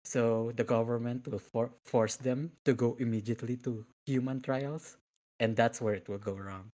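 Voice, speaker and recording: A man's voice: mid-range voice, fairly even intonation, moderate pace, dark tone. Hesitant male podcast guest. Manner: hesitant, laughs between words. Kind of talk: casual podcast interview.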